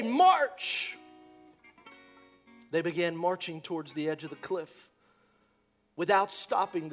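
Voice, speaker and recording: An impassioned male pastor preaches a sermon in a fairly high voice. He swings from loud shouts down to near-whispers, with soft guitar music under him.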